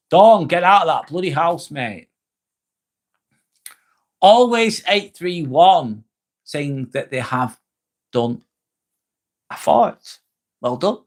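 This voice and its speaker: Man chatting on a live stream. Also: medium pitch. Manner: reads viewer comments aloud and replies, joking and swearing freely. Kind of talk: casual live-stream chat.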